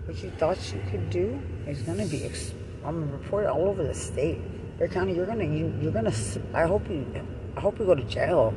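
A man's voice: on the high side, lively intonation, fairly quick, noisy background. A man ranting angrily outdoors, accusing someone over and over and swearing. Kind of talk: angry confrontational rant.

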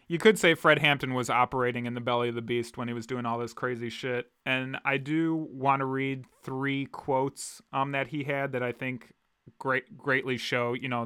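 Man, podcast co-host, clear resonant voice, close dry sound, casual and profane. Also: mid-range voice, pushed and bright, dry recording. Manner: opinionated, swears freely. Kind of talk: casual political chat.

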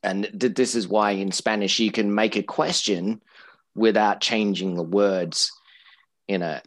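A man's voice: lowish voice, fairly even intonation, unhurried, fairly bright tone, no echo. A man who teaches English, chatting casually and explaining language points, often repeating and restarting his words. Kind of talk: casual educational podcast chat.

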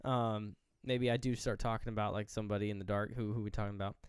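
A man co-hosting a podcast, retelling a horror film with lively, acted-out quotes and casual swearing. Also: lowish voice, fast, clear, resonant tone, dry recording. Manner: animated retelling, acting out characters' lines; swears freely. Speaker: podcast co-host. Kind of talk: casual movie recap.

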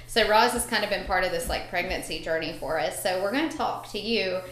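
A woman's voice: mid-range voice, a little fast, fairly bright tone, reverberant, a little hiss or hum. A pregnant woman hosting a podcast, chatting casually and bubbly, with lots of "like" and laughter. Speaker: podcast host. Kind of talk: casual chat.

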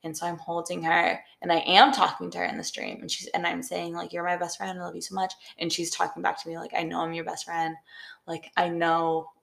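A woman's voice: fairly low pitch, completely flat delivery, fairly quick, creaky, a bit bright. A young woman co-hosting a podcast, telling a long story in a rambling way with lots of "like". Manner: rambling storytelling, heavy use of "like". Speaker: podcast co-host. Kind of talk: casual chat.

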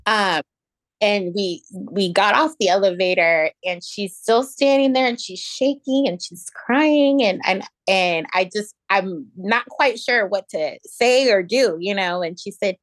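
A woman speaks as an interview guest at a middle pitch. She tells her stories reflectively and often pauses on fillers and restarts. Her voice sounds dry and close, with almost no room sound. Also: no echo. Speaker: interview guest, education equity director. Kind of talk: conversational storytelling in an interview.

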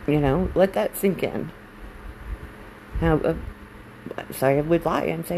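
A woman's voice: low-pitched, slow pace, long pauses, dark tone, a little hiss or hum, poor audio. A woman in her forties, a military spouse, talking candidly and emotionally about her own life, blunt and swearing when angry. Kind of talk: candid personal monologue.

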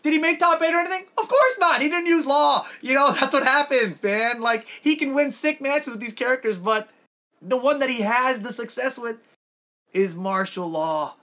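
Podcast guy telling the whole story, bright edgy voice, quotes people. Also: very high voice, expressive, moderate pace. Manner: story-driven, swearing, acts out quotes. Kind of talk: casual podcast chat.

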